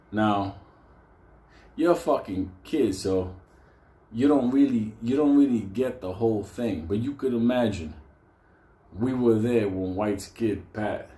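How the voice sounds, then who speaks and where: A man's voice: on the low side, measured pace, dark tone. A man telling a story casually, rambling, laughing and swearing a lot. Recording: roomy echo.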